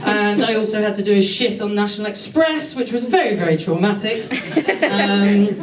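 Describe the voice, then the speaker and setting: A woman's voice: medium pitch, moderate pace. A young English woman performing a stand-up set on a club stage, dry and self-deprecating, laughing at her own jokes. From England. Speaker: comedian. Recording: echoey club, far off, crowd.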